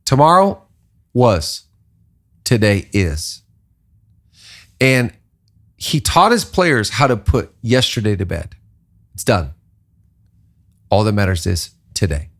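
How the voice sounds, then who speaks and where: A man hosting a casual leadership podcast, talking in an animated preaching cadence with repeated phrases. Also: lowish voice, takes it slowly, long pauses. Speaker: podcast host, pastor.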